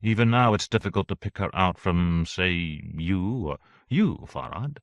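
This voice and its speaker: A man voicing an uneasy, perceptive woman official in an audiobook, in a measured, muttering tone. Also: sits low, lively intonation, vocal fry, dry recording, heavily acted. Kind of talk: audiobook character voice.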